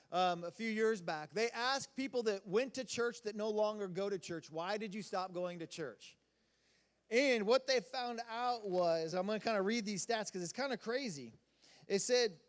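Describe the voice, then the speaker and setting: A man with a high voice preaches in a casual, rambling way, chatting and joking with the crowd. His words ring out with a long reverb from the church hall around him. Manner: casual, rambling delivery with audience banter. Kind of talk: sermon.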